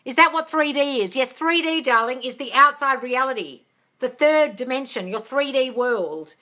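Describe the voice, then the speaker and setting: A woman in her thirties, a manifestation coach answering viewer questions on a live stream, chatty and quick to laugh, swearing casually and calling her viewers darling. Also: high-pitched, animated, pushed and bright. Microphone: phone.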